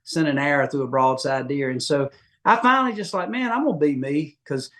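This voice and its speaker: A middle-aged man from Georgia with a Southern accent, a podcast guest telling folksy, animated stories and acting out quotes. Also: a little high, fairly quick. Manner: folksy, animated, acts out quotes with big voice jumps. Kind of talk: casual storytelling interview.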